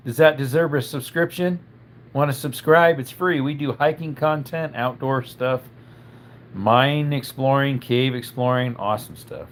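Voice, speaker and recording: A man's voice: mid-range voice, a little hiss or hum. A man, a little under the weather with a tickle in his throat, hosting a casual live stream and chatting through viewer comments.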